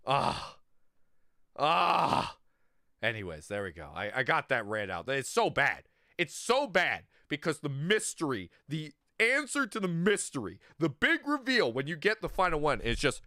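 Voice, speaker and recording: Lively, bright-voiced ranting streamer man. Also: fairly high pitch, dry recording, studio quality. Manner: animated, profane, exasperated ranting. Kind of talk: ranting livestream commentary.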